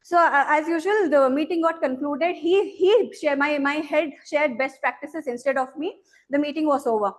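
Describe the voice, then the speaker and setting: A woman's voice: sits high, normal speed. A young woman gives a prepared storytelling speech over a video call, acting out the people she quotes. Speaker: club speaker.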